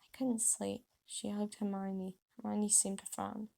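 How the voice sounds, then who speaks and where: A woman's voice: mid-range voice, flat delivery, measured pace, vocal fry, warm tone. A woman casually reading her own fan story aloud, voicing characters lightly and restarting words as she goes. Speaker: author reading her fanfiction.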